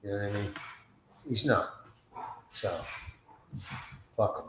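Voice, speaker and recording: A man's voice: fairly low pitch, takes it slowly, echoey room, background noise. A man streaming, casually and bluntly commenting on clips and thanking donors. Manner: blunt, dismissive.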